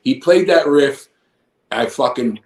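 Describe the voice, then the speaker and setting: A former pro wrestler, now in his fifties and on as a guest, casually tells a long, rambling story peppered with profanity. His mid-range voice is expressive and a little mellow, and he takes his time. The room has noticeable echo.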